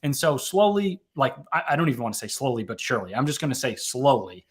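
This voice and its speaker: Speaking at a quick pace in a very animated, medium-pitched voice, a thirtysomething man shares his story in a relaxed interview. He's an author and mental health advocate who wanders, backtracks to correct himself, and often adds "right?"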